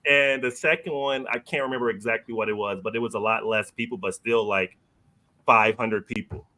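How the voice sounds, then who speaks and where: A man with a bright, forward voice spins a personal story as a podcast guest. He talks loosely and casually, full of fillers and quick laughs, at an everyday pitch. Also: steady tone. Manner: loose and slangy, heavy on fillers, laughs while telling.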